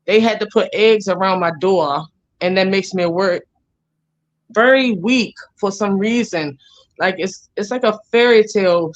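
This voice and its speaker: A woman's voice: medium pitch, highs cut off. A woman with a Jamaican accent telling her story as an interview guest, blunt, profane and rambling.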